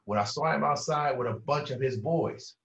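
A man, a therapist, telling stories with energy and slang in a conversation, often jumping into high-pitched quoted voices. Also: normal speed, vocal fry, a bit bright. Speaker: therapist, interview guest. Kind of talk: animated storytelling in conversation. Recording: roomy, distant, dull-sounding mic.

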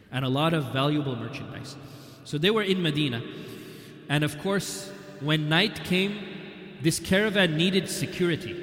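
A man giving a storytelling lecture on early Islamic history, animated and acting out the dialogue. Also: fairly high pitch. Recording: echoey hall.

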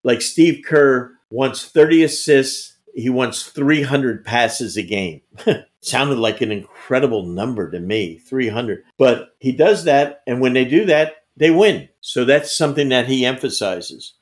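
An older man who is a veteran basketball coach sounds animated and unhurried, his pitch medium, as he answers an interview. He's emphatic, repeats words, restarts often, and leans on anecdotes in conversational storytelling.

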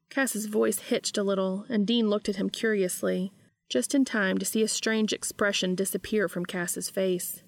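A woman reading fan fiction aloud in a steady, even storytelling manner. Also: medium pitch, moderate pace, creaky, no room sound, clean studio sound.

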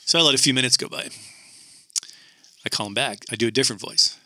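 Bright-voiced man telling a radio story. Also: medium pitch, fast talker, no room sound, studio quality. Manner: animated storyteller, acts out phone voices. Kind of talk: casual chat, storytelling.

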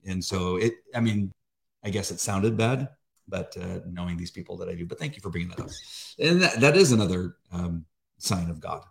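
A middle-aged man co-hosting a faith devotional, talking in a halting, emotional way with many fillers. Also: sits low, expressive, creaky. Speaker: devotional co-host. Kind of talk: casual faith chat.

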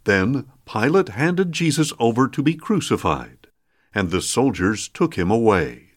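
A man reading scripture aloud in a measured, solemn way, as the regular reader of a daily podcast. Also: medium pitch, very animated.

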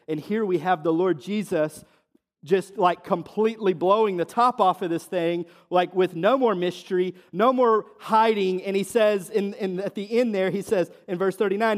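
A high-voiced man preaches a sermon with earnest drive, stumbling into restarts and filler words as he builds each point. On quoted scripture he slows and sinks to a soft, low murmur. His voice rings with the long reverb of a church hall. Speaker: pastor.

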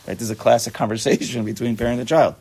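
Man, casual Torah class, quick delivery, husky gravelly voice, joking chatty manner. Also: medium pitch, a little mellow. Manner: chatty, joking, mixes in Hebrew and Yiddish terms.

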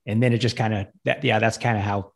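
A middle-aged man guest-hosts a casual podcast chat. His voice is gravelly with a lot of fry. He talks in a relaxed way, often pausing and using fillers. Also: fairly low pitch. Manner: halting, many fillers and restarts, laid-back. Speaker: podcast guest co-host, firefighter.

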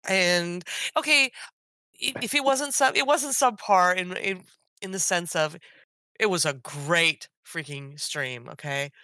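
Bright-toned hoarse woman podcaster. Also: on the low side, a little slow, no room sound. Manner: animated, laughs often, jumps between topics. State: hoarse from illness. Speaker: podcast co-host. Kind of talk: casual chat.

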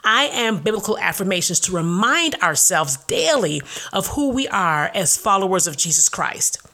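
Woman podcast host, earnest devotional delivery, deliberate affirmations. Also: lowish voice, very animated, sharp tone.

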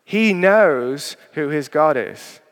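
A man's voice: fairly high pitch, expressive, slow. A man preaching a sermon as a pastor, with an earnest, conversational delivery and personal stories. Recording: long hall reverb.

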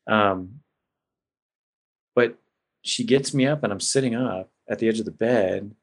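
Speaking a little slowly in a lowish voice, this middle-aged man opens up on a podcast about an emotional personal experience. His delivery is casual and heartfelt, full of "man" and "bro."

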